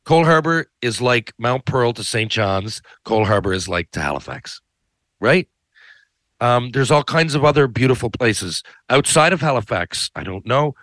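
A man's voice: medium pitch, very animated, moderate pace, a bit bright, no room sound. Rambling man, dry close sound. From Newfoundland, Canada. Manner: rambling, profane, tags lines with "right?". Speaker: podcast host. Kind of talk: casual monologue.

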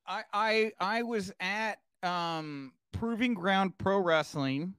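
A man's voice: takes it slowly, a bit bright, clear, resonant tone, dry recording, studio quality. A young man, a podcast guest, telling a story with lots of cursing and acted-out quotes. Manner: swings pitch widely acting out quotes, curses freely. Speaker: podcast guest, former wrestling manager. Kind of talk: animated storytelling.

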